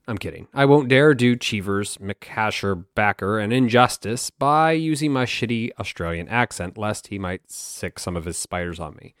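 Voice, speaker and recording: Speaking alone on his history podcast, this man is wry, pokes fun at himself, and curses freely. His mid-range voice is animated, moving at normal speed with hardly any pauses, and the sound is clean studio audio with no room tone.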